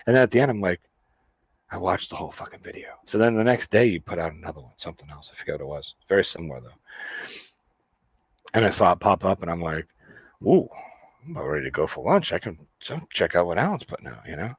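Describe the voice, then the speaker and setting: Male guest, low voice, swings widely in pitch, profane storyteller, dry recording. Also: big pitch swings, fast, breathy edge, no echo, dull audio. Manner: profane storytelling, laughs loudly. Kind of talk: casual chat.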